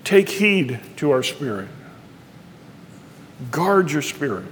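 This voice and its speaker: Middle-aged male pastor, high-pitched, earnest sermon delivery, reverberant church hall. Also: big pitch swings, slow, fairly bright tone, a little hiss or hum. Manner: earnest preaching, reading scripture aloud.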